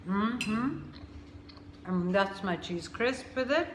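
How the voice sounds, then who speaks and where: A woman hosting a casual food vlog, unhurried and thinking aloud with many fillers. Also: medium pitch, pushed and bright, reverberant, slight background noise. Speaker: cooking vlogger.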